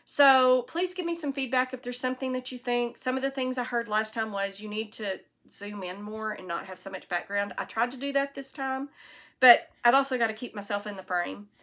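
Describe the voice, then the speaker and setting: Alone at home, a woman hosts her own knitting podcast, talking to an iPad camera on a tripod. Her voice is fairly high, steady, brisk and a bit bright, and she's chatty, rambling and self-deprecating.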